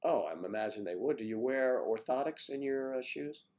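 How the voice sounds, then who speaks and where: A man's voice: medium pitch, animated, a little fast, darkish tone. Chatty man hosting a casual livestream. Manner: chatty, rambling, greets viewers by name. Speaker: livestream host reading viewer comments. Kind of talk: casual chat.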